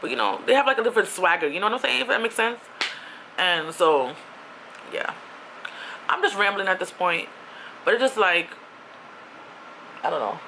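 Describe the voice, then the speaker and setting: A woman's voice: lowish voice, lively intonation, moderate pace, pauses often, bright, forceful tone, slight background noise. A young woman from Queens in New City, telling a rambling storytime with lots of asides. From New York City (Queens). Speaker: vlogger.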